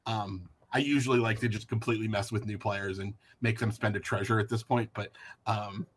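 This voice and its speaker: A man's voice: lowish voice, steady tone, brisk, husky. A man acting as game master, describing the scene with frequent fillers and restarts. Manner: hesitant, lots of fillers and restarts. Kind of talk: running a tabletop game.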